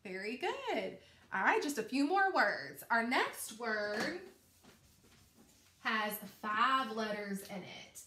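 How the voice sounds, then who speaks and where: A woman teaching a recorded phonics lesson to young children, slow and encouraging, stretching out each sound. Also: a little high, big pitch swings, sharp tone, echoey room, a little hiss or hum.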